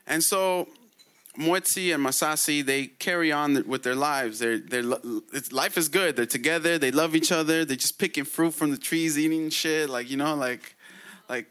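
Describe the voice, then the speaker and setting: Slow, slangy male storyteller. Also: a little high, bright, forceful tone. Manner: slangy, chuckling, lots of filler "like". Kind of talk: casual oral storytelling.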